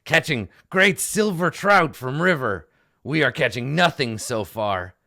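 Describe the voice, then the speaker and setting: A man's voice: mid-range voice, lively intonation, slow, creaky, sharp tone, no room sound, studio quality, pitched above the performer's own voice, heavily acted. A man voicing gnolls who speak in broken grammar, earnest and simple.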